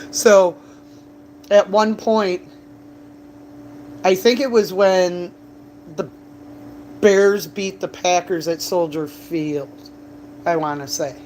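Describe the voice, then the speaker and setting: A woman's voice: lowish voice, fairly even intonation, very slow, long pauses, a little mellow, a little hiss or hum. A woman chatting casually on a livestream from a bar, rambling through stories with laughs and coughs. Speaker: livestreamer and bartender. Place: bar, indoors.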